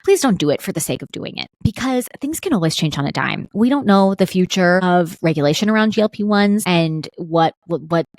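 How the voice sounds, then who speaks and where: A woman's voice: lowish voice, lively intonation, brisk, hardly any pauses, a little mellow, dry recording, studio quality. A woman hosting her own podcast as a dietitian, talking through food trends in a chatty, opinionated way with playful asides. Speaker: podcast host and registered dietitian. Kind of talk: solo podcast commentary.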